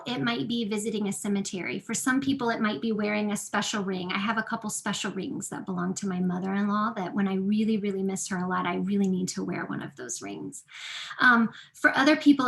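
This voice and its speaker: A woman's voice: mid-range voice, gravelly, fairly bright tone. A woman presenting an online workshop, speaking earnestly and conversationally with frequent fillers into a computer microphone.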